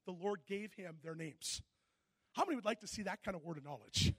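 A man preaching with a high, bright pitch and bursts of laughter as he tells stories into a handheld mic. The sound is dry and close, with no room echo. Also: a little fast, slightly rough. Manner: animated storytelling, bursts of laughter. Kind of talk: sermon.

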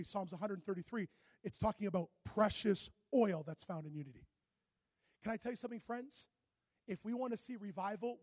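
High-voiced fervent male preacher. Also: no room sound. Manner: fervent, rising to shouted exhortations; calls for congregation response. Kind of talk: sermon.

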